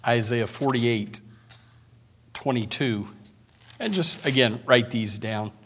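A man preaching a sermon as pastor, swinging from quiet asides to loud bursts and reading scripture slowly. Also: mid-range voice, a little hiss or hum.

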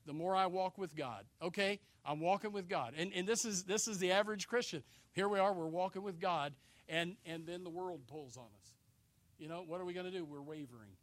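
Folksy older preacher man, higher voice. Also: a little fast, dry recording. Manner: folksy and joking, swinging between loud emphasis and hushed asides. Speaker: pastor. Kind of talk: sermon.

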